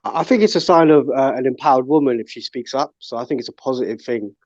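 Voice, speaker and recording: A man speaking as a panelist, measured and reasoning his point aloud. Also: medium pitch, darkish tone, no room sound, muffled recording. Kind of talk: casual panel discussion.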